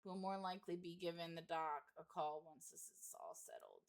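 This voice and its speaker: A woman voicing a calm, in-charge small-town male sheriff in a horror game, read plainly without a put-on accent. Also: a little high, moderate pace, vocal fry. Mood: authoritative.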